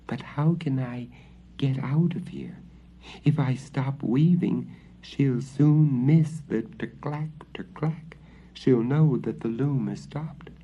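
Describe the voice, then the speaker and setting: A timid little girl frets in a raised, breathy voice, as a man reads her part. Her words come in quick, anxious bursts. The recording is dull and lo-fi. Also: medium pitch, slight background noise, voice pushed up, natural voice. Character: frightened little peasant girl.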